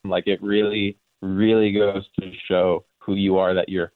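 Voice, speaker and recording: A man calling in to a radio chat, talking haltingly with many ums and restarts. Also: low voice, level tone, no room sound. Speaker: caller. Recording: tinny phone line.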